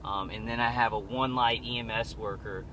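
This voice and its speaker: A man's voice: lowish voice, fairly even intonation, moderate pace. A man vlogging in a rambling, agitated way from inside a car on the street, cursing and stumbling with fillers and restarts, speaking into a phone mic that his thumb partly covers. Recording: muffled phone audio with traffic noise.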